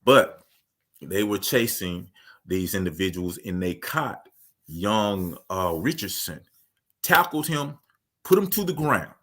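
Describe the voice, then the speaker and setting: A man with a very low, deep voice talking through a news story on a podcast. He is earnest and measured, and he walks through events step by step in a casual discussion style. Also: expressive, a bit bright. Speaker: podcast co-host.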